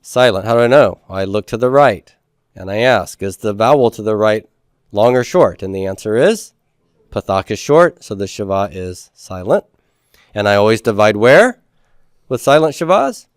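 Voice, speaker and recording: A man teaches a Hebrew grammar class in a smooth, fairly low voice. He works through each point step by step, asking the class questions and then answering them. The sound is dry and close. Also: no echo. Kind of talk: classroom lecture.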